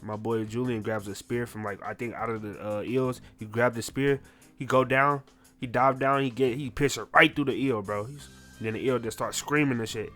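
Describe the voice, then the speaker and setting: A young man recapping a comic chapter in casual, slangy, excitable speech, swearing freely. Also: medium pitch, normal speed, soft background music. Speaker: manga reviewer.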